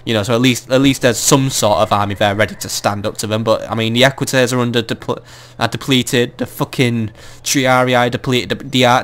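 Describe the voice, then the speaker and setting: A man's voice: mid-range voice, fairly bright tone. Exasperated young man ranting over a game. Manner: swearing, exasperated, ranting, with bursts of mock outrage. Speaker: gaming let's-play host. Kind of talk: casual gameplay commentary. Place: at home, keeping his voice down.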